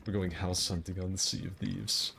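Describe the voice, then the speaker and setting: A man with a deep voice hosts a casual gaming session, joking, swearing and rambling with his friends. Faint noise hums underneath his talk. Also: level tone, normal speed, creaky, sharp tone. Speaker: gaming channel host. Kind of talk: casual gameplay chat with friends.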